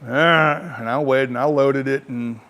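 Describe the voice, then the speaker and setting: A man's voice: medium pitch, little pitch movement, moderate pace. A middle-aged American man, a truck driver, telling a rambling, frank story to camera in a casual way.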